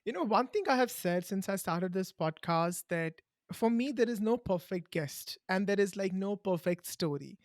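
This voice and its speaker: A woman's voice: mid-range voice, animated, normal speed, darkish tone, dry recording, studio quality. A young woman podcast host with an Indian accent, answering a guest's question in an earnest, encouraging way and repeating key lines for emphasis. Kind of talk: conversational interview answer.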